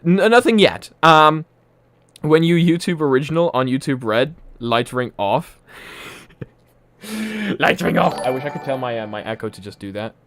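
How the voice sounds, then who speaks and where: A man's voice: mid-range voice, moderate pace, fairly bright tone. Chatty man with a mixed Irish-tinged accent. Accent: mixed, partly Irish. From Poland. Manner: chatty and rambling, with frequent laughs. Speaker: livestream host. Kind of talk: casual live-stream chat. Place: home room with a ring light.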